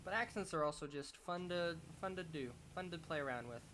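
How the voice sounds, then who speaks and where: A man's voice: fairly high pitch, a little fast, fairly bright tone, slight background noise. A young man streaming a game, chatting casually and rambling as he thinks aloud, often restarting his sentences. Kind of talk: casual chat while playing a game.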